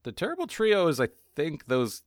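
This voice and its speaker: A wry, chatty man co-hosting a podcast, his pitch moving a lot as he talks. He laughs easily, and the sound is dry and close. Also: huge pitch swings, normal speed, no room sound. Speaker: podcast co-host. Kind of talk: casual podcast chat.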